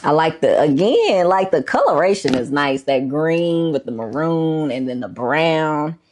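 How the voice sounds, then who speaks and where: A woman vlogger talks about her books in a low, unhurried voice. She is laid-back and chatty, with plenty of fillers and a casual "y'all", and sounds a little out of breath. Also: animated, darkish tone. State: a bit out of breath. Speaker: book collection vlogger. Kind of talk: casual show-and-tell chat.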